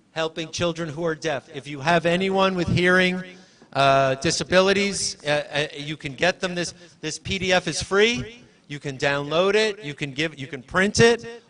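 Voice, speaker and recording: A man's voice: on the high side, fairly bright tone. A man giving a live presentation at a library launch, chatty and rambling, often correcting himself and giving directions to his helpers. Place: university event hall.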